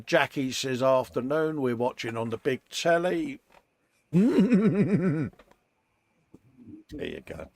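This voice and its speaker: Chatty British man, gravelly lively voice. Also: mid-range voice, no echo. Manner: chatty, calls people mate, laughs often. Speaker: co-host of a model-making live stream. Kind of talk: casual chat, reading out viewer comments.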